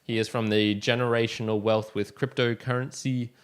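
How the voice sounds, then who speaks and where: A man's voice: medium pitch, little pitch movement, moderate pace, clean tone. A young man hosting a solo podcast, talking casually and rambling with frequent restarts and chuckles. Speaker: podcast host.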